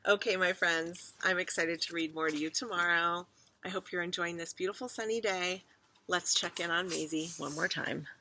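A woman's voice: on the low side, bright, forceful tone, slight background noise. A woman teacher reading a children's book aloud to her class, with chatty asides to the children.

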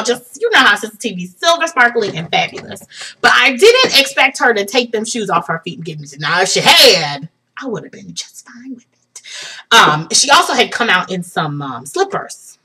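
A young woman telling an excited personal story for her vlog, laughing and swinging from hushed tones to shrieks. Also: fairly high pitch, husky. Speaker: vlogger.

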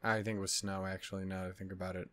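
A man's voice: low-pitched, level tone, rapid-fire, fairly bright tone, no echo. A man hosting an anime reaction video, tired and upset, rambling and swearing with lots of restarts. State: tired, yawning. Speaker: anime reaction channel host. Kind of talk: casual reaction vlog chat.

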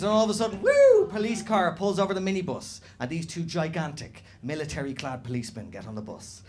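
A man doing animated stand-up storytelling on a comedy club stage, slipping into other people's voices. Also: sits high. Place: comedy club stage before a live audience. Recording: live room with audience laughter.

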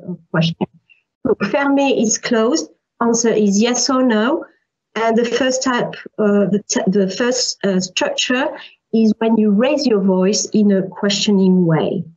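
Woman lecturer on dull lo-fi call audio. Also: fairly high pitch. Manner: explains patiently with examples, repeats key points. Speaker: university language lecturer. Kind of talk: online French lesson.

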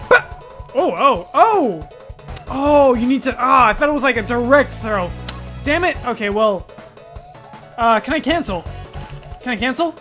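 An excitable man talking through a video game as he plays, his pitch bouncing a lot while he chats, exclaims and mutters to himself. The delivery is loose and casual, like a host thinking out loud. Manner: excitable, chatty, quick to exclaim. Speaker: gaming channel host. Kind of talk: casual let's play commentary.

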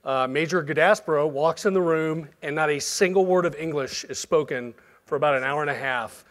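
A man in his fifties with a Southern US accent, introducing the closing speaker in a relaxed, folksy way. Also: a little high, brisk. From Alabama, US. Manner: relaxed, folksy, frequent fillers. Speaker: event host introducing a speaker.

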